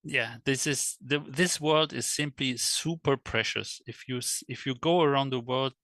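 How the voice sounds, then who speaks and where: A man speaking English as a second language in a casual interview, halting and searching for words, at times animated. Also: medium pitch, no echo. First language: not English. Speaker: guest, electric car world traveler.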